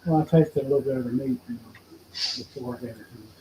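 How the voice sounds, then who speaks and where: A man's voice: mid-range voice, fast. An older man hosting a casual home cooking video, folksy and joking as he talks to the viewers. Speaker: host. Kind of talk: casual chat addressing viewers. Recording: dull lo-fi sound with faint noise.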